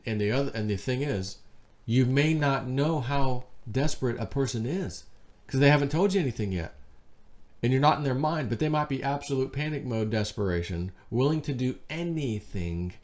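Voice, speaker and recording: A man's voice: medium pitch, a little mellow. Man rambling through a casual monologue. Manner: rambling, conversational, full of "you know"; emphatic when warning. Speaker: show host.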